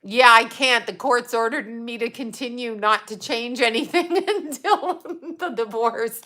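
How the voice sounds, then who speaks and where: A psychic medium in her fifties hosts a casual livestream, answering viewers bluntly with sarcasm, profanity and frequent laughter. Her voice sits on the high side, sounding pushed and bright, and she speaks unhurriedly.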